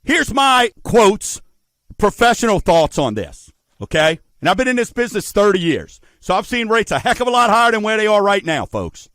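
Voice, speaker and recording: A middle-aged man hosts a radio talk show on mortgages, folksy and emphatic, calling his listeners folks and posing rhetorical questions. His voice is high and sing-song, at normal speed with a fairly bright tone, in a dry recording.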